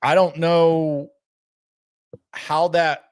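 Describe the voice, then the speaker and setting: A man's voice: on the high side, level tone, very slow, smooth. A man hosting a casual sports stream, laid-back and rambling, often repeating words as he restarts. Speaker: podcast host. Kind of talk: casual live-stream talk.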